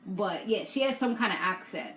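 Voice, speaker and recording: A woman's voice: mid-range voice, animated, moderate pace, a bit bright. Chatty opinionated young woman, echoey room. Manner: chatty, opinionated, laughs often. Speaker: YouTube recap host. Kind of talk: casual reality TV recap. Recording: echoey room with faint noise.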